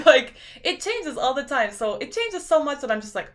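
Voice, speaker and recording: A young woman with a lisp, chatting casually on a live stream and reading viewer comments out loud, rambling with lots of fillers. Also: sits high, sing-song, moderate pace. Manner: rambling, filler-heavy, laughs often.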